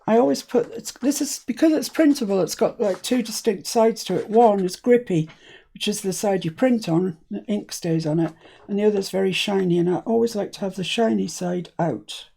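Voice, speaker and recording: A woman's voice: mid-range voice, moderate pace, creaky, dark tone, slightly rough. A woman hosting a casual craft tutorial at a cluttered desk, chatting and muttering to herself as she works. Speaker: craft channel host.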